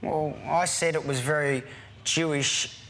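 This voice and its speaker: High, bright-voiced Australian man arguing. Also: fairly even intonation, a little slow. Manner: aggressive, insulting, shouting. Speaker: reality show housemate. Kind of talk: heated argument.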